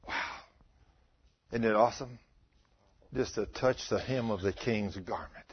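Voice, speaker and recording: A man's voice: fairly low pitch, unhurried, pauses often, breathy edge. A man preaching a sermon, telling the story with dramatic quotes and asking the congregation questions. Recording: dull lo-fi sound.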